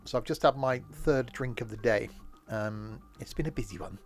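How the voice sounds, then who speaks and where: A hoarse man chatting casually as he streams a train game, rambling with plenty of fillers and self-corrections. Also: medium pitch, moderate pace, soft background music. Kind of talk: casual live-stream commentary.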